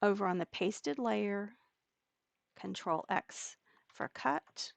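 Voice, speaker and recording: Woman, unhurried, step-by-step tutorial narration, mid pitch. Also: expressive, gravelly, no room sound. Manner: slow, step-by-step explaining with fillers. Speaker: digital scrapbooking tutor. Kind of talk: screen-recorded software tutorial.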